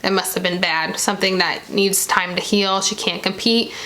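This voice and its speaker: A young woman chatting casually as she recaps a reality show episode, retelling scenes with quick quoted asides. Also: mid-range voice, steady tone, pushed and bright.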